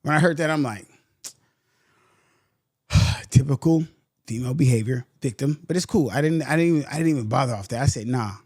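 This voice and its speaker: Young man, podcast host, fired-up storyteller, slightly high voice, dry close mic. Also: very fast, few pauses, no room sound. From San Antonio, Texas. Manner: animated, heated, slangy, says "bro" a lot. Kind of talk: casual storytelling.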